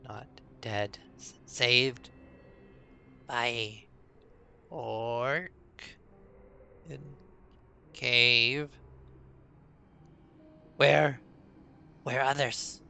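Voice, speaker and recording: A man voicing a small, scraggly, nervous goblin who speaks in halting, broken phrases in a hushed, shaky voice. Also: medium pitch, fairly even intonation, gravelly, a little hiss or hum, exaggerated voice. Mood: frightened. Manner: halting broken speech, stammering short phrases.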